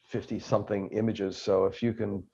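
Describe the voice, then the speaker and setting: A man hosts a podcast interview in casual chat, talking haltingly with many fillers and restarts. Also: lowish voice, flat delivery, vocal fry, warm tone, breathy edge, muffled recording. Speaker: podcast host.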